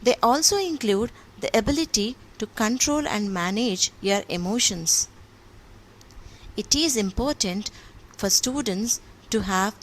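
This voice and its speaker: A woman teacher giving a class lesson to children, telling a story and then explaining the topic in a deliberate, addressing manner. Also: fairly high pitch, rough recording.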